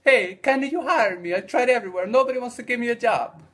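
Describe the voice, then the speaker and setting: A man voicing an eager Italian immigrant looking for work, in a raised, pleading tone as he tells a joke. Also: quick pace. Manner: pleading, loud and high-pitched.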